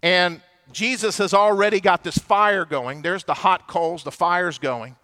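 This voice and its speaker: A man preaching a sermon to a church audience, telling the story with lively, animated delivery and acting out the voices of the people in it. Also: sits high, a little slow. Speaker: pastor.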